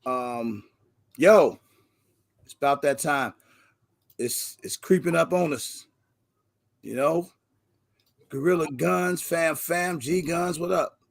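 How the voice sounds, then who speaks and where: A man hosting a casual livestream, giving energetic slangy shout-outs to viewers by name. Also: on the high side, slow, gravelly, long pauses. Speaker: livestream host.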